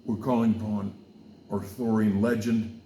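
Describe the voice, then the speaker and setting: Welsh guy, low gravelly voice, slow and rambly, podcast host preaching a bit, lots of ums. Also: little pitch movement, dark tone, reverberant, slight background noise. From Wales. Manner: loose and digressive, with many fillers and asides. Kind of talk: rambling casual monologue with preaching.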